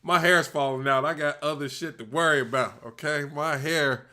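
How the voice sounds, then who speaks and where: Male co-host, playful, bright forceful tone. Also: a little high, steady tone, normal speed. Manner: joking, laughs often. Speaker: podcast co-host. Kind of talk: casual chat.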